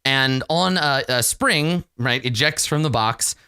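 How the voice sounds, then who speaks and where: A man narrating a tabletop game as game master, animated and giggly in his storytelling. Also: mid-range voice, slow pace, clean tone, no room sound, studio quality.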